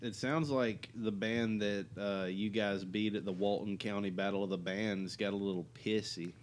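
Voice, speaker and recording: Low-voiced joking podcast host. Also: male voice, steady tone, normal speed, a little hiss or hum. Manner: joking, teasing, profane. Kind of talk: casual chat.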